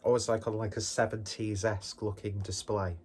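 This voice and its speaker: A man's voice: fairly low pitch, level tone, brisk, darkish tone, a little hiss or hum. A man casually reviewing a beer on his vlog in a rambling, jokey, self-deprecating way.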